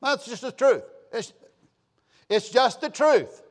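An older man preaching a sermon as pastor, emphatic and calling for amens, his voice dropping from loud bursts to hushed lines. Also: extremely high pitch, lively intonation, slow.

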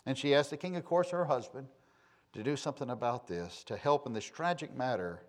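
A man preaching a sermon, shifting between loud, emphatic passages and quiet, low asides, with a folksy storytelling manner. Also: animated, brisk. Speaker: pastor.

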